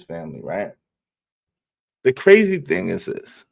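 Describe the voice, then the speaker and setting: A man hosting a casual livestream, reacting to a clip with slangy, animated commentary and shout-outs to viewers. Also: low-pitched, measured pace, gravelly.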